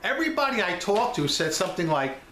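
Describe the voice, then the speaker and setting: A man's voice: high-pitched, sing-song, fast talker, bright, forceful tone, echoey room. A man with a New York accent, talking straight to his viewers about selling online in a blunt, emphatic way. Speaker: online seller vlogger. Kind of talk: casual chat.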